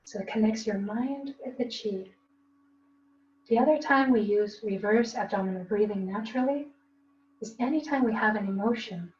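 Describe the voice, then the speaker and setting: A fairly high-voiced woman leads a tai chi breathing lesson in a calm, coaching way. She sounds a little distant in a roomy space, with a dull, slightly hissy sound. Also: normal speed. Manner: calm, coaching, demonstrates gasps and laughs.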